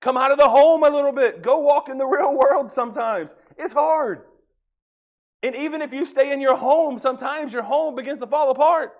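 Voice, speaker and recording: A pastor preaching a folksy sermon, joking with the congregation and acting out little dialogues. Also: male voice, extremely high pitch, moderate pace, a little mellow, dull audio.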